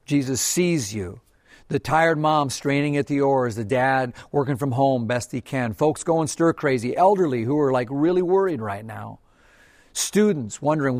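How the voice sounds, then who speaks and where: Guy preaching gentle earnest sermon, middle pitch, dry close sound, goes real soft at times. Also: no echo. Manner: earnest and gentle, often softening to a hush. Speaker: pastor. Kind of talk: devotional sermon.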